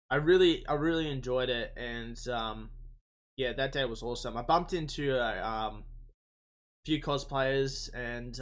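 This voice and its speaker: A young Australian man from Melbourne tells a long story in a loose, casual way. His voice sits in a mid range. He rambles and gets excited, and throws in swear words and laughs. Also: medium pitch. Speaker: podcast host.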